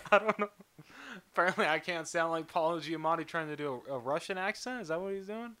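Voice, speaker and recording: A man co-hosting a podcast in casual chat, easygoing, quick to agree and crack jokes. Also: a little high, sharp tone, clear, resonant tone, no echo. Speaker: podcast co-host.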